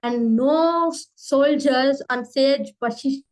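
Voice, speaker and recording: A woman tells a religious legend in an earnest, simple way, her voice high and her pace unhurried. She stops and restarts now and then. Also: darkish tone, low-quality recording. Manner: earnest, simple, slightly halting. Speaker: storyteller.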